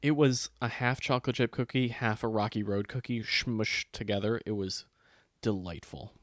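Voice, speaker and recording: A man's voice: fairly low pitch, moderate pace, no room sound, studio quality. A man co-hosting a casual chat, telling stories with acted-out quotes and plenty of swearing. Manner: animated storytelling, swears freely, acts out quotes.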